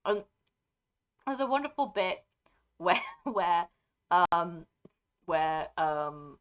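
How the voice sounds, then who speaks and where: This streamer is a woman with a British received pronunciation accent, talking casually to her live viewers. Her lowish, expressive voice stretches words out as she rambles, cuts herself off mid-sentence, and laughs often.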